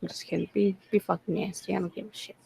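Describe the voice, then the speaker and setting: A woman's voice: mid-range voice, fairly even intonation, fast talker, gravelly, dark tone, husky, no room sound. A woman in her thirties co-hosting a late-night livestream chat, teasing and swearing freely. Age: 30s. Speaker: co-host.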